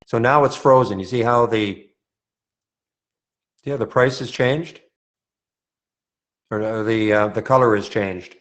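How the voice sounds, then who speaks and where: A man from Montreal, Canada moderates a live trading room, answering viewer questions loosely and conversationally with frequent restarts. His voice is lowish, a little slow, and he pauses often.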